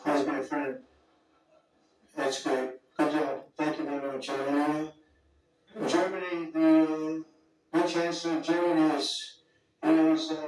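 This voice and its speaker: A political leader at a summit gives a rambling, off-the-cuff speech packed with digressions and superlatives, his voice on the high side with a darkish tone. The recording comes from a very echoey hall with a distant mic and faint music.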